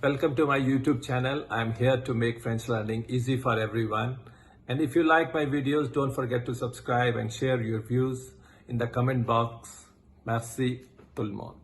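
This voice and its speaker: A man teaching a beginner French lesson, repeating each word slowly with its meaning. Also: mid-range voice, fairly even intonation, a little hiss or hum. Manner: slow, repeats words with translations. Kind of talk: slow beginner language lesson.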